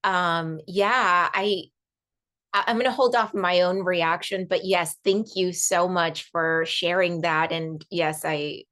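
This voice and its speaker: A woman's voice: lowish voice, steady tone, takes it slowly, a bit bright. A woman hosting a book club, emotional and affirming as she responds. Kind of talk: casual group discussion.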